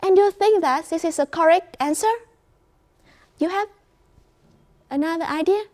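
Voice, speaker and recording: A woman with a Vietnamese accent, teaching a class in a high, bright voice. She speaks slowly and carefully, encouraging her students as she goes through each point. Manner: slow, clear, encouraging classroom delivery. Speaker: English teacher.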